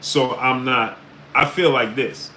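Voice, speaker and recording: A man's voice: medium pitch, fairly even intonation, takes it slowly, a little hiss or hum, poor audio. A man hosting a casual livestream, greeting chat names and filling his talk with "uh" and "right?". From New York area. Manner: repeats "right?" and "uh" often, shouting out chat names. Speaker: livestream host. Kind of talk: casual live-stream commentary. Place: New York.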